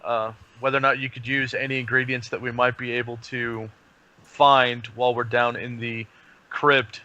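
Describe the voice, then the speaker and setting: Bright-toned male tabletop player. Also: medium pitch, level tone, moderate pace, dull audio. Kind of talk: tabletop game play.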